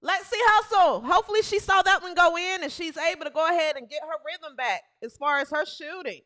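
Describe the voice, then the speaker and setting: Talking over game highlights, a woman hosts a comedic women's basketball show. Her delivery is a little fast, pushed and bright, full of exclamations, frequent laughter and lines repeated for emphasis.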